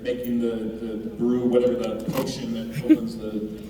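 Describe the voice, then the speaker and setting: A man's voice: mid-range voice, level tone, moderate pace, warm tone. A man telling a rambling anecdote to a convention audience, full of restarts and fillers. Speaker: actor on a fan convention panel. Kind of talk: casual anecdote on stage. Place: large convention hall. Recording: echoey hall, heard from far off.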